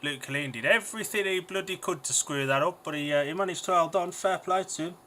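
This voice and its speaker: A man's voice: sits high, fast, sharp tone, slight background noise. A man, a young adult co-host, reading race lineups and giving blunt, emphatic opinions in casual banter. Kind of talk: speedway watch-along chat.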